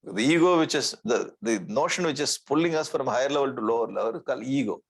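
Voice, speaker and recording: A man's voice: mid-range voice, quick pace, breathy edge, rough recording. A man giving a spiritual lecture as a swami, repeating Sanskrit terms and checking in with his listeners. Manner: repeats Sanskrit terms, asks "okay?" often; light humor, chuckles. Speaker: swami teaching scripture.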